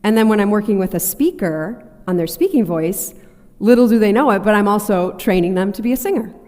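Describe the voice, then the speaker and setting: A woman's voice: medium pitch, expressive, fairly quick, a little mellow. A woman, a singing teacher and opera singer, giving a friendly explanatory talk on stage. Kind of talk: stage presentation. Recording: long hall reverb.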